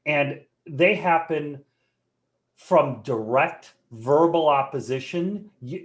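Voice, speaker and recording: A man presenting a live webinar in a joking, conversational and animated way. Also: mid-range voice.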